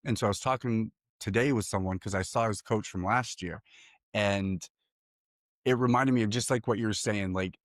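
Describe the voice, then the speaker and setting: A man's voice: lowish voice, dry recording, clean studio sound. A man telling a personal story in a casual podcast chat, candid and profane, laughing often. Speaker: podcast co-host.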